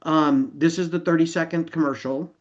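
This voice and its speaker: A man's voice: fairly high pitch, steady tone, normal speed, lo-fi sound. A man leading an online company announcement for his members, earnest and emotional, repeating himself for emphasis. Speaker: company founder addressing members.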